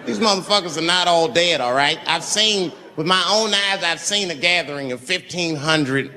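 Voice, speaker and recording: A man's voice: normal speed, bright, forceful tone, big-room sound, slight background noise. A man performing a stand-up comedy set, telling stories and acting out the people in them. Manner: storytelling, acting out characters with big pitch swings.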